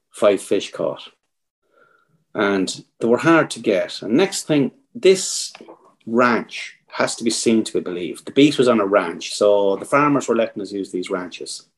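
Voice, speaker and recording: An Irish man being interviewed as team captain, telling stories in a lively, casual way and swearing freely. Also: lowish voice. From Ireland. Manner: animated yarn-spinning, swears freely, frequent restarts.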